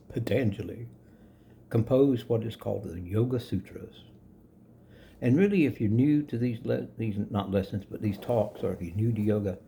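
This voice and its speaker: Older man, gravelly and chuckling. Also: on the low side, warm tone, slight background noise. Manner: rambling, chuckling often, self-correcting. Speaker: yoga teacher. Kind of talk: casual spoken lesson.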